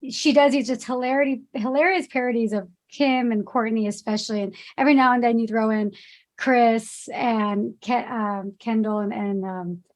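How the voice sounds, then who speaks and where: A woman's voice: on the high side, steady tone, moderate pace. A woman hosting an interview podcast, asking rambling questions that restart and trail on. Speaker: podcast host.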